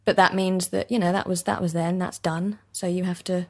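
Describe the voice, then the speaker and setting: Woman, soft East London accent, young adult, casual interview chat, slightly low pitch. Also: little pitch movement, fairly quick. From East London, England. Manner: chatty, self-deprecating, laughs often, many restarts. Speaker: actor guest. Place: basement recording studio.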